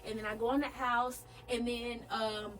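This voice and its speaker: A woman's voice: on the high side, level tone, moderate pace, fairly bright tone, rough recording. A young woman vlogger telling a storytime, chatty and checking in with her viewers. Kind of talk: storytime vlog.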